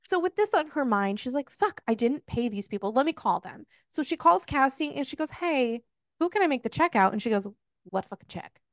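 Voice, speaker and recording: A woman co-hosting a podcast gives a casual recap of a book's plot, retelling it animatedly with lots of swearing and laughter. Her voice is high-pitched and a little fast, with clean studio sound and no echo.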